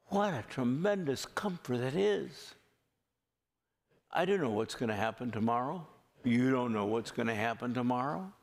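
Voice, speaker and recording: A man's voice: mid-range voice, expressive, moderate pace, gravelly. A man preaching a sermon as pastor, speaking earnestly and drawing out phrases for emphasis. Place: church sanctuary. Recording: long hall reverb.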